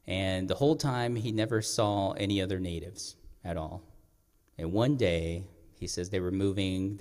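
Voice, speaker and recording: A young man, a storyteller, telling a personal story on stage in an earnest, reflective way. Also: low voice. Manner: earnest, reflective, pauses and clears throat. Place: performing arts center stage. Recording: long hall reverb.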